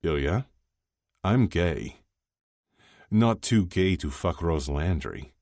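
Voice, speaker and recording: A man's voice: low voice, animated, takes it slowly, a little mellow, dry recording, heavily acted. A man doing Ilya, a dry, sardonic hockey player. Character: young male Russian hockey player, wry and guarded.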